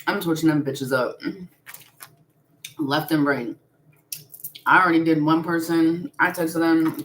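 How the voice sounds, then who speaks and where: A low-voiced woman talking in on a casual live stream. She is blunt and swears freely, and she breaks into laughter often. A faint hiss sits under the recording. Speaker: spiritual vlogger.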